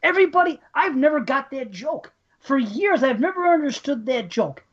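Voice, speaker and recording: A woman's voice: high-pitched, lively intonation, moderate pace. A woman co-hosting a podcast in casual chat, ranting in profane exasperation. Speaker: podcast co-host. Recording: dull lo-fi podcast audio.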